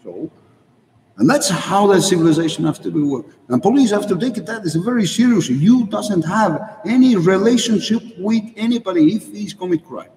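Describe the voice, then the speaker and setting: A man with a fairly high voice that rises and falls a lot, speaking in halting, broken English. He talks bluntly and swears freely. He is recorded from well back in a big room with a long echo. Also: animated, darkish tone, slight background noise. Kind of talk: opinionated monologue. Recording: echoey hall, mic far off.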